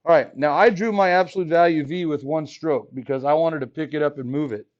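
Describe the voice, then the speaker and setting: Joking math teacher talking to a class. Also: male voice, a little high, fairly quick. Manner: casual, jokey, asks the class questions. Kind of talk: classroom lesson. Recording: dull lo-fi classroom recording.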